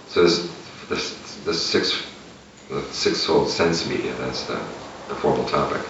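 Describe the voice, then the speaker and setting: A man, a meditation teacher, giving a relaxed, conversational dharma talk and chuckling at his own asides. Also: very deep voice, unhurried. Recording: echoey room, distant mic, lo-fi with noise.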